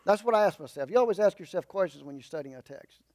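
High-voiced man preaching a folksy sermon. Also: lively intonation, fast talker, a little mellow. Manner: folksy, explanatory, with humorous asides; shifts between emphatic raised lines and low asides. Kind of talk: conversational sermon.

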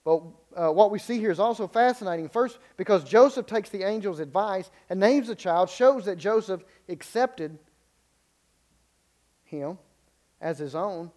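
High-voiced preacher in a sermon. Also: male voice, animated, unhurried, darkish tone. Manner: unscripted, repeats words and restarts, rises to emphatic peaks.

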